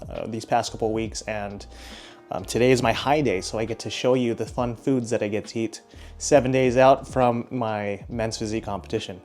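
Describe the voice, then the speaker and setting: A young man with a fairly low, darkish voice talks through everything he eats in a day for his fitness vlog. His narration is casual and cheerful, sprinkled with jokey asides.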